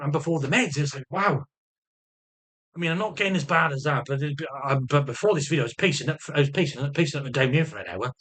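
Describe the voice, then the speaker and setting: A Welsh man talks straight to camera in a loose, rambling vlog, swearing freely and stumbling over restarts. His voice sits a little higher than most men's. He sounds blunt and sardonic. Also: a bit bright, husky. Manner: rambling and profane, with frequent restarts. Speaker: vlogger. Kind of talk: casual vlog monologue.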